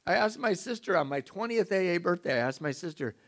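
Gravelly man telling his recovery story. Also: sits high, expressive, a little fast, fairly bright tone. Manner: confessional, emotional, self-mocking. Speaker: recovery speaker. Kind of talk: personal testimony talk.

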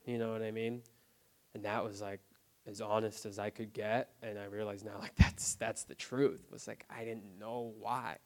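A man's voice: lowish voice, flat delivery. Earnest man telling his recovery story. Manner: halting, full of "like" and "you know what I mean", with restarts. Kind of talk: personal testimony, casual and unscripted. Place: recovery group meeting.

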